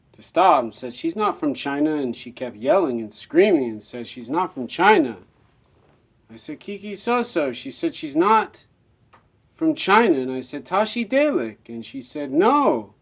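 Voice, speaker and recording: A man's voice: medium pitch, animated, measured pace, pauses often, breathy edge. A man telling a personal story in a rambling, repetitive monologue.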